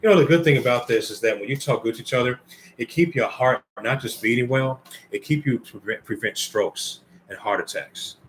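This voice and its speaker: A man's voice: mid-range voice, fairly quick, a little hiss or hum. A man giving informal Bible teaching, reading scripture aloud and commenting conversationally while speaking directly to the brothers and ladies listening.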